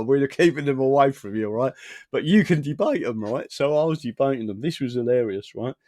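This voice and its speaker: A talkative man holds forth in a loose live-stream monologue, full of swearing, little chuckles and constant "right?" tags. His pitch rises and falls all over the place. The sound is dry and close, with no room echo. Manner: talkative, profane, keeps tagging "right?"; chuckles between phrases. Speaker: political activist streaming. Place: his own small home studio.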